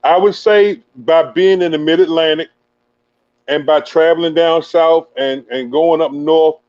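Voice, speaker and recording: High voiced guy hosting sports chat, slangy and hyped, dry dull mic sound. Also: fairly even intonation, a little slow, a little mellow, no echo. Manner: hyped, slangy, laughs easily. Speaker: host.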